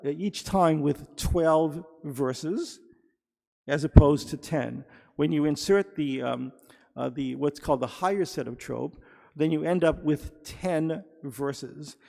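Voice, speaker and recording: A man with a fairly high, gravelly voice gives a teaching sermon, explaining points patiently and stumbling over fillers and restarts as he goes. His voice rings with a long reverb in a synagogue sanctuary. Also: darkish tone. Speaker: rabbi or cantor.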